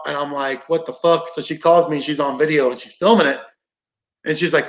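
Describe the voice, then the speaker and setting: A man's voice: a little high, fairly quick, a bit bright. Man, podcast guest, casual storytelling, profane, acts out quotes, echoey, muffled lo-fi audio. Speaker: podcast guest, combatives instructor. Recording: roomy, dull lo-fi sound.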